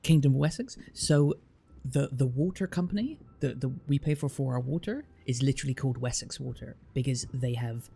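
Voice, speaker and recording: A man's voice: medium pitch, a little fast, vocal fry, warm tone, soft background music. A man from Bristol with a rhotic West Country accent, chatting casually and curiously on a livestream, rambling with restarts and fillers. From Bristol, England. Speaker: streamer chatting with a guest.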